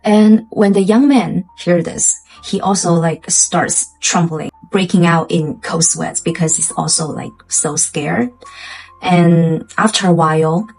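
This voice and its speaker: A woman's voice: lowish voice, creaky, a little mellow, husky, rough recording. A woman telling a spooky tale to her viewers in a chatty, casual way, full of fillers. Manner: chatty, loose phrasing with many fillers. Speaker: storyteller.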